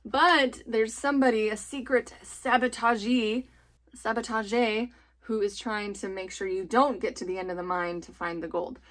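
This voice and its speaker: A woman's voice: mid-range voice, steady tone, moderate pace, hardly any pauses, a bit bright. A woman in her thirties, a homeschooling mom, chatting enthusiastically about family board games and laughing often. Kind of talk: casual chatty review.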